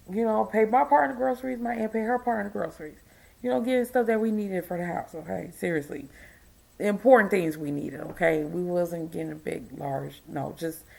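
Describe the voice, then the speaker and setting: A woman's voice: fairly high pitch, vocal fry, darkish tone. A tired middle-aged woman, a single mom, ranting to her viewers in an exasperated, emphatic way. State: tired, yawning. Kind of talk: casual ranting vlog.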